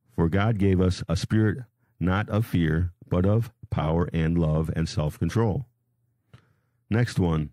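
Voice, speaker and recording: A man hosting a radio show, reading quotes slowly and deliberately, then adding casual asides and rereading lines when he stumbles. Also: sits low, dark tone, dry recording, studio quality. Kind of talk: reading and commenting on scripture quotes.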